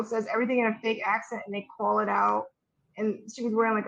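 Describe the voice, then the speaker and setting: A young woman co-hosting a podcast, chatting casually with a snarky, slangy manner and quick asides. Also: medium pitch, fairly bright tone, rough recording. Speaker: podcast co-host. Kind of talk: casual gossip chat.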